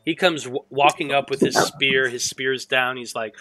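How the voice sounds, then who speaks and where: A man's voice: medium pitch, little pitch movement, a little slow, few pauses, pushed and bright, dry recording, rough recording. A man narrating as game master, loose and profane, often restarting his sentences.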